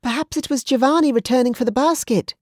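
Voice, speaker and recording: Narrator doing a high, anxious young woman. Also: quick pace, dry recording, clean studio sound. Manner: high, pleading, worried.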